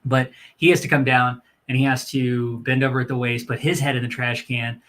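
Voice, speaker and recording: A man's voice: mid-range voice, flat delivery, fairly quick, fairly bright tone, slight background noise. A man co-hosting a casual live-stream chat, telling long rambling stories with many restarts. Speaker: co-host.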